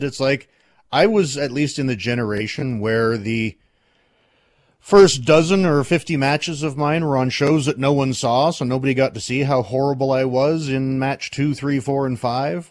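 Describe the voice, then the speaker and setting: A man's voice: medium pitch, no room sound. A man co-hosts a wrestling podcast and drops in wry, reflective asides, drawing on his own time in the ring. His voice sits mid-range for a man. The recording is dry and close. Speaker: podcast co-host and former wrestler. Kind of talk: casual chat.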